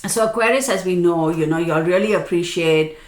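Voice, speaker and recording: A woman's voice: on the low side, brisk. A woman astrologer giving a casual yearly forecast, chatty and self-mocking, often checking in with her viewers. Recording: echoey room.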